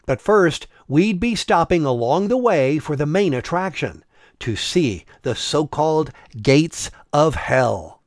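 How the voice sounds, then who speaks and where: A man narrating a travel story in a measured, wry scripted style. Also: fairly high pitch, big pitch swings, no echo, clean studio sound.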